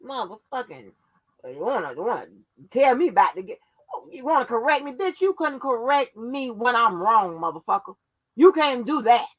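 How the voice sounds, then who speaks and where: A woman's voice: on the high side, big pitch swings, normal speed. A woman hosting her own channel, delivering a profane, confrontational rant that scolds her viewers. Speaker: channel host.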